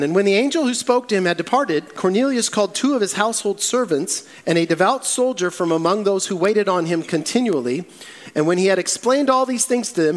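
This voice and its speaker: A man preaches from the pulpit in a raised, high voice, giving the Bible characters lively voices as he goes. His words ring out with a long reverb through a church hall. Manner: animated preaching with acted Bible quotes. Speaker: pastor. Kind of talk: sermon.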